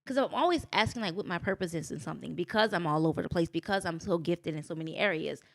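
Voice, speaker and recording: A middle-aged woman, a podcast guest, telling personal stories in an animated, expressive way, acting out quotes and speaking with faith. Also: fairly low pitch, quick pace, creaky. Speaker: guest, business owner.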